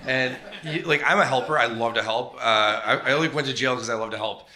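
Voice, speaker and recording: A man's voice: medium pitch, brisk, noisy background. A middle-aged man, a comedian guest, telling rambling, self-deprecating stories on a comedy club stage and putting on voices for quotes. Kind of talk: on-stage comedic storytelling interview.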